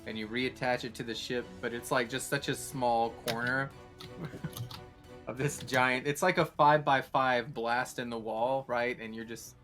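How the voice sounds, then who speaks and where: A man's voice: medium pitch, fairly even intonation, unhurried, a bit bright, soft background music. A man running a tabletop game as game master, explaining rules and describing scenes in a casual, laughing way.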